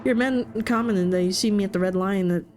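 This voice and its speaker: A woman's voice: mid-range voice, brisk, darkish tone, slight background noise, close to an everyday voice. A woman voicing a polite, nervous male university professor who stumbles over his words. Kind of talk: game voice acting.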